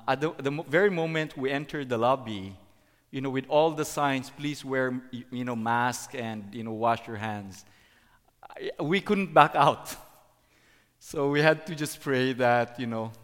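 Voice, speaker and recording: Man, middle-aged preacher, halting sermon, fillers and restarts, unhurried delivery, echoing hall. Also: medium pitch. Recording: long hall reverb.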